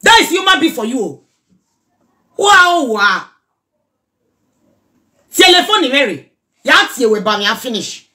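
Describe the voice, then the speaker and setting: A middle-aged Nigerian woman chatting casually in a reaction vlog, animated and scolding by turns. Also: high-pitched, unhurried, long pauses. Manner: animated, mixes pidgin and Yoruba, scolding asides. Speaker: social media commentator.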